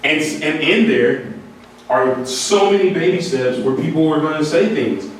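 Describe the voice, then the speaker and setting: A man's voice: on the high side, animated, measured pace. A man giving an earnest, candid motivational talk to music students, often breaking into laughter. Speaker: speaker addressing music students. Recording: echoey hall, voice from far off, faint noise.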